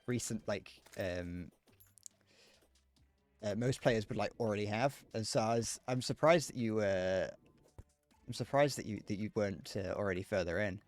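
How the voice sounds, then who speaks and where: A man's voice: lowish voice, normal speed, a little mellow, no room sound, soft background music. A man chatting casually on a live stream while gaming, rambling, joking and answering chat messages.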